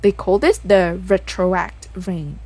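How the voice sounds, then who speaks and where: A woman reading aloud the lines of a calm, level-headed young traveler in a game, explaining things steadily. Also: lowish voice, takes it slowly.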